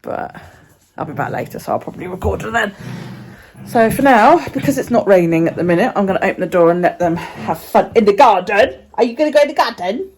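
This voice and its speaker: With a mid-range, slightly mellow voice and a brisk pace, a woman rambles casually while vlogging on her handheld phone. She swears now and then and often drops to a near whisper.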